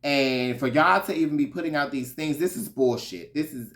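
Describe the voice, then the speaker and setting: A man doing a fuming, shouting woman. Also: fairly high pitch, moderate pace, pitched above the performer's own voice, lightly acted. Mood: outraged. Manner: loud, indignant, cursing. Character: fuming middle-aged woman defending her marriage.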